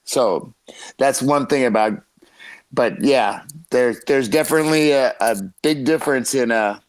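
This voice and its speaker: A middle-aged man, a jiu-jitsu coach, telling stories on a podcast in a profane, animated way with frequent laughter. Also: mid-range voice, measured pace, poor audio. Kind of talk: casual podcast storytelling.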